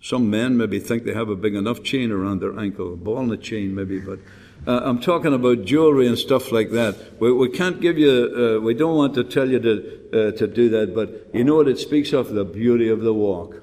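A man's voice: mid-range voice, moderate pace, darkish tone. An older man preaching a folksy, rambling sermon with rhetorical questions and frequent restarts. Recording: long hall reverb.

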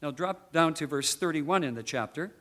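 A man with a fairly high, bright and forceful voice delivers a Bible teaching as a sermon. Emphatic on key words, he breaks off and picks up again while explaining, and his slightly stuffy voice is punctuated by some throat clearing.

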